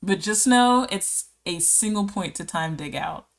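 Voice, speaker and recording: A woman's voice: medium pitch, lively intonation, measured pace, gravelly. A woman streamer talking casually with her chat while she draws, reading messages aloud and giggling often.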